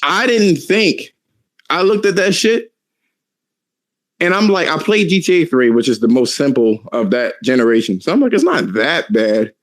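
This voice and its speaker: Profane ranting man, raised pitch. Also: moderate pace. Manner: profane, animated ranting with laughs. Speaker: podcast host. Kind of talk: casual podcast chat.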